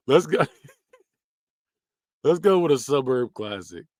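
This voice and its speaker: A man's voice: medium pitch, lively intonation, drawn-out words, darkish tone, no echo. A man hosting a podcast, chatting casually and laughing often as he reacts, sometimes mimicking phrases in exaggerated voices. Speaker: podcast host.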